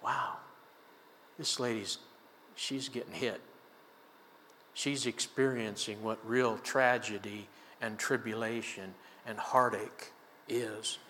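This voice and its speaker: An older preacher talks slowly, with long pauses and fairly even intonation, in a bright, forceful voice on the low side. He mixes scripture with a folksy personal story and easy chuckles. A large sanctuary's long reverb fills the recording, along with a little hiss or hum.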